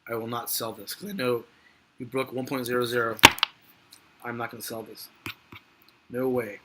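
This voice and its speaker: A man's voice: mid-range voice, level tone, moderate pace, very noisy. A man giving live stock market commentary in a rambling, frustrated, joking way.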